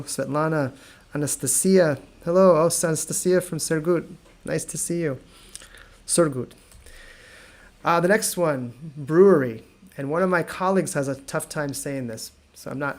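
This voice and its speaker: An American man teaching an online English lesson, repeating words slowly and joking with viewers. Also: fairly high pitch. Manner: slow careful repetition of words, friendly and joking.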